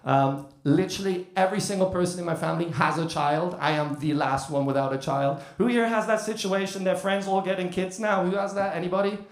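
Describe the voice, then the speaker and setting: A man's voice: high-pitched, brisk, hardly any pauses, reverberant. A man in his thirties from the UK doing a chatty stand-up comedy set with crowd work. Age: 30s. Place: comedy club stage.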